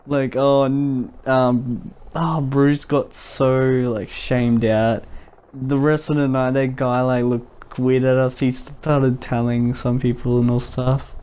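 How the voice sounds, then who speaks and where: A man's voice: medium pitch, level tone, takes it slowly. A young man, probably in his teens, telling a rambling, giggly personal story as a vlogger in casual speech. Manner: rambling, giggly, jumps into loud quoted voices.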